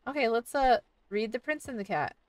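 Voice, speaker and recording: A woman with a fairly high voice gives chatty let's-play commentary and talks playfully to an on-screen baby. Her voice sits a little back from the microphone. It is a relaxed, casual delivery. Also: fairly quick, dry recording, recorded from a distance. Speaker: gaming YouTuber.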